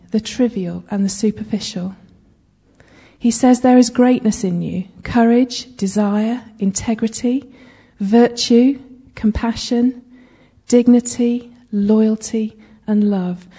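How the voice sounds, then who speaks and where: Woman, Bible teacher, slightly high voice, husky, chatty and conversational. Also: dark tone. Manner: chatty, self-deprecating asides, checks in with listeners.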